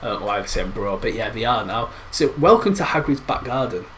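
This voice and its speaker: A man chats through a game livestream at a middling pitch, rambling and teasing as he plays. Faint background noise sits under his casual commentary. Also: animated, fairly quick, a bit bright. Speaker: gaming livestream host.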